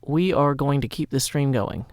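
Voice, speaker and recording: A man's voice: mid-range voice, normal speed, dry recording, studio quality. A man from Tennessee, chatting playfully and wordily over a Minecraft game, with theatrical asides. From Tennessee, USA. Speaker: Minecraft YouTuber. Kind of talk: casual gameplay commentary.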